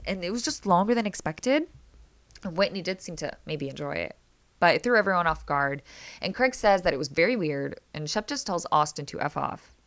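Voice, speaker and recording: A woman hosting a casual reality TV recap, chatty and opinionated, often stopping to restart and correct herself. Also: lowish voice. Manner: chatty, opinionated, animated reactions. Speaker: TV recap host.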